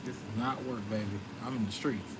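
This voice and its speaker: A man's voice: mid-range voice, brisk, noisy background. A man telling street stories in a brash, confrontational, profane rant. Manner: brash, confrontational, animated retelling. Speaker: vlogger.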